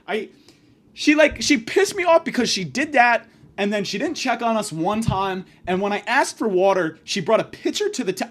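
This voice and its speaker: Profane ranting man, lively pitch. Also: normal speed. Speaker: podcast host. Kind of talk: comedic monologue rant.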